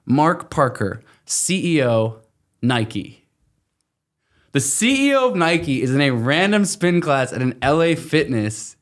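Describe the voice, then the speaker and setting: A man's voice: a little high, slow. A man in his thirties telling a story in a casual interview, full of fillers and acting out other people's lines. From United States. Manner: animated, acts out quoted voices, many fillers. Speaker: guest.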